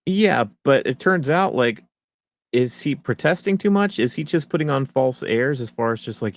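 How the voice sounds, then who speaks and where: A man co-hosting a podcast in casual chat, rambling and acting out quotes in a lowered voice. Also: expressive, normal speed, no room sound. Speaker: podcast co-host.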